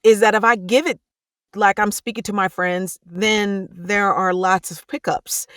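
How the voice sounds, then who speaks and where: A woman's voice: medium pitch, steady tone, unhurried, a bit bright, no room sound, studio quality. A woman audiobook narrator speaking as a podcast guest, earnest and passionate, with careful diction. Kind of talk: candid podcast conversation.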